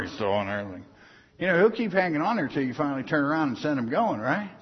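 A man's voice: mid-range voice, animated, fast. A man preaching an informal sermon, folksy and punchy, often asking the congregation if they are hearing him. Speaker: pastor. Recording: dull lo-fi sound, long hall reverb.

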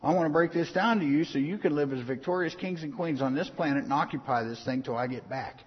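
God speaks as a patient, urging male voice, put on by a man mid-sermon, a touch higher than the preacher's own talk. The tone is husky and plain-spoken. A long hall reverb and dull lo-fi sound surround it. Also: fast talker.

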